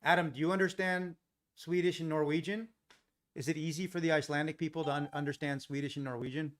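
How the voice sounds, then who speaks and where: A man's voice: fairly high pitch, fairly even intonation, fast. An American man from Los Angeles hosting a live trading stream, chatting casually, thinking aloud and answering viewers in the chat. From Los Angeles, USA.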